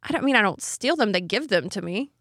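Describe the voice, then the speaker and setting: A woman's voice: mid-range voice, expressive, quick pace, a bit bright, no room sound. Wry woman podcast co-host, dry sound. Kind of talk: casual chat.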